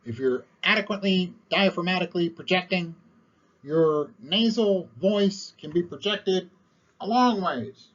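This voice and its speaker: A man putting on a high-pitched, nasal voice as an impression of a nineteenth-century orator, projecting it for a lecture. The recording is muffled. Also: expressive, a little slow, a bit bright, exaggerated voice.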